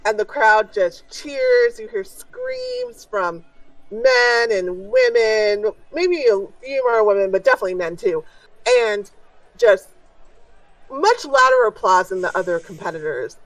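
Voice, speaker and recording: A woman's voice: a little high, big pitch swings, measured pace, vocal fry, dry recording, distant mic, poor audio. A woman narrating as game master in a tabletop game, in a chatty way.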